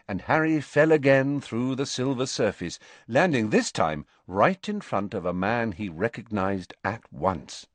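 A man narrating an audiobook with expressive storytelling, recorded on a close mic. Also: mid-range voice, measured pace, few pauses, no room sound. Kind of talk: scripted narration.

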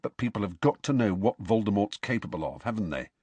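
Man doing a flustered teen boy, splutters, jumps all over, husky. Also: on the low side, expressive, quick pace, a little mellow, no echo. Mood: mumbling. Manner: spluttering, indignant. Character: teenage schoolboy, flustered and outraged.

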